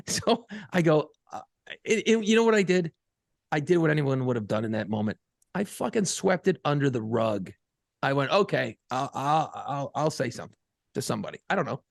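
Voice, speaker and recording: Podcast co-host, male, gravelly, lively delivery, dry studio sound. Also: mid-range voice, moderate pace, no echo. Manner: animated profane storytelling, acts out other voices. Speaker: podcast co-host and radio program director. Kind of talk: casual storytelling banter.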